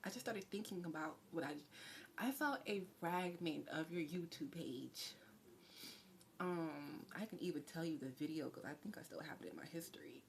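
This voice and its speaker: A woman with a slightly low voice reading tarot live, chatting freely with her viewers. She is effusive and personal and often slips into a hushed whisper. A faint hum of room noise sits behind her. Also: normal speed, gravelly. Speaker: tarot reader.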